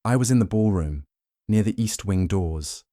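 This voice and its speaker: A man voicing a shaken, wary young noblewoman who answers in a hesitant, halting way in an audiobook. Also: fairly low pitch, animated, warm tone, dry recording, studio quality, close to an everyday voice. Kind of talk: audiobook narration.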